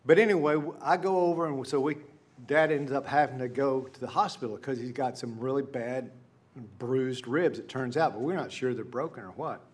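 The middle-aged pastor speaks in a mid-range voice at normal speed as he preaches. He narrates his sermon conversationally, with whispered-down asides and emphatic high points.

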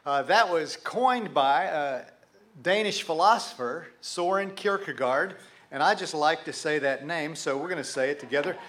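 Folksy Texan pastor preaching. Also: male voice, fairly high pitch, normal speed, fairly bright tone. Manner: folksy, conversational, jokes with the congregation. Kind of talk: sermon. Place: church sanctuary with a live congregation.

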